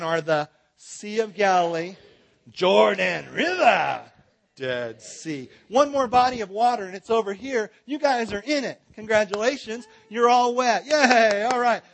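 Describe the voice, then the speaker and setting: A man teaching a Bible seminar in a church, joking with and directing his audience. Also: sits high.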